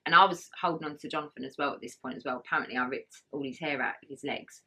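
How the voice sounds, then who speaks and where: A woman's voice: rumbling low, fast, sharp tone, husky. A woman vlogger chatting casually through her birth story, laughing often and acting out what others said. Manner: chatty, laughing, acts out quoted voices.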